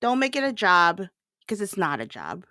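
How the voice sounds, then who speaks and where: A woman's voice: mid-range voice, big pitch swings, moderate pace, sharp tone, no echo, clean studio sound. A woman talking bluntly and emphatically as a guest on a casual livestream chat, swearing freely and rambling with restarts.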